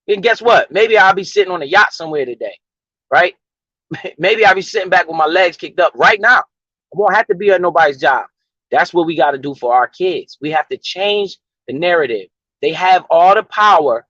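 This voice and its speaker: A man's voice: high voice, sharp tone, no echo. A man hosting a livestream, giving a profane, emphatic and preachy casual rant to his viewers. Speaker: livestream host. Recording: dull lo-fi stream audio.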